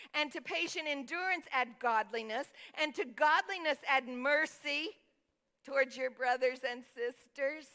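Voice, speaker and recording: High bright-voiced woman preaching. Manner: emphatic, calls for congregation responses; reads scripture aloud. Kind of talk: sermon.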